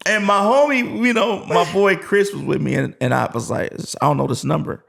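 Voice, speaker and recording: A man guesting on a podcast, telling a story in a lively way and acting out the other people's voices. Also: on the high side, brisk, creaky. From USA. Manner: animated storyteller, acts out voices in his anecdotes. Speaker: guest musician. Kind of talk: casual storytelling interview.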